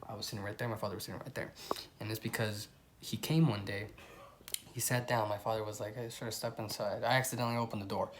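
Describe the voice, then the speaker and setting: A young man vlogging, telling a rambling personal story in a casual, animated way with loud outbursts. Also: fairly low pitch, background noise.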